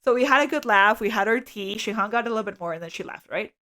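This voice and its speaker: A woman co-hosting a podcast tells a story in casual chat, animated and packed with fillers, acting out the quotes. Her voice is mid-range and she talks fast.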